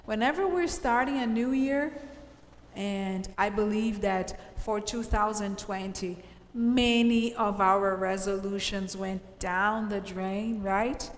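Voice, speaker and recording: Speaking slowly in a mid-range voice, a woman English teacher patiently explains grammar to her students and often checks with "okay?" that everyone follows. The recording has a roomy, reverberant quality.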